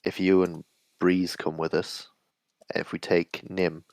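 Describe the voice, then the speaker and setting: A man playing a tabletop game, weighing the plan in a measured, thoughtful way. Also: low-pitched, flat delivery, vocal fry, darkish tone, no echo. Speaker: player.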